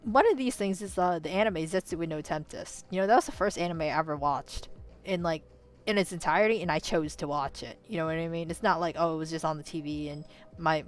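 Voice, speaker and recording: A woman in a casual, rambling commentary, full of "you know"s and self-corrections, swinging between quiet musing and loud outbursts. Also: sits low, a little fast. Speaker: vlogger.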